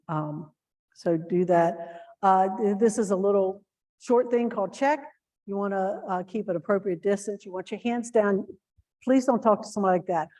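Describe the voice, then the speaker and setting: Woman teaching shelter volunteers, mellow warm voice, earnest, lots of um and uh. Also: medium pitch. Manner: earnest, instructive, with many fillers and restarts; acts out example phrases in a lifted voice. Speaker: volunteer trainer. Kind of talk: training talk to volunteers.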